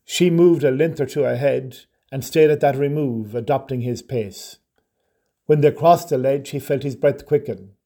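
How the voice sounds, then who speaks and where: A man narrating a short story in a measured, even storytelling manner. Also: mid-range voice.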